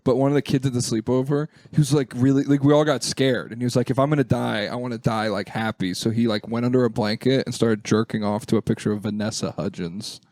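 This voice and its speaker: A man's voice: mid-range voice, quick pace, hardly any pauses, dry recording. A man in his twenties on a comedy podcast, riffing and telling stories with energy. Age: 20s. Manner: animated storyteller, riffing. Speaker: podcast co-host. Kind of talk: casual comedy chat.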